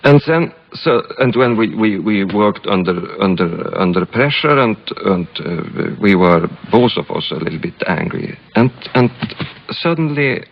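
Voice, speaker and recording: A man from Sweden, a film director being interviewed, speaking English with a Swedish accent and pausing often to find his words. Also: lowish voice, expressive, creaky. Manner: halting, searching for English words. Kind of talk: reflective interview storytelling. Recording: dull lo-fi archival recording.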